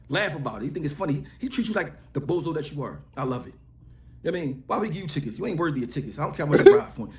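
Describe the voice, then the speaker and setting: A middle-aged man launches into a rapid, heated rant, mocking and scolding without letting up. His voice sits high for a man and swings up and down with a lot of energy. It rings out in an echoey room. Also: very animated, faint music behind. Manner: mocking, scolding, trash-talking. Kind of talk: heated rant in a played clip.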